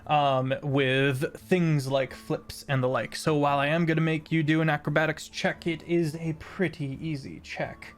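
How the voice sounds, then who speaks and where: A woman's voice: sits low, fairly even intonation, moderate pace, hardly any pauses. A woman narrating a tabletop role-playing game as game master, casual with many fillers.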